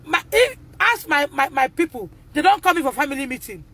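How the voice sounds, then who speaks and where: Indignant Nigerian mother with a high voice who drives her points home by repeating them. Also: very animated, fairly quick, pushed and bright. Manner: emphatic and indignant, repeating phrases, addressing the school directly. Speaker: mother of a pupil. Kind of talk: impassioned live video appeal.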